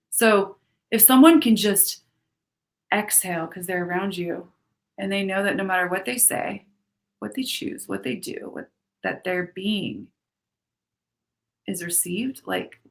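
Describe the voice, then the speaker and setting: A woman chats on a live stream in a loose, unscripted way. She is frank and swears freely. She wanders through her points like a storyteller who keeps adding asides, at an ordinary middle pitch. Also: fairly bright tone. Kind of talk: casual live-streamed talk.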